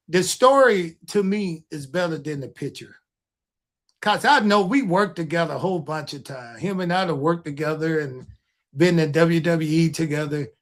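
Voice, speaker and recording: An older man with a fairly high voice hosts a podcast and tells a story in loose, casual chat. He acts out each quote with energy and swears freely along the way. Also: normal speed. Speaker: podcast host.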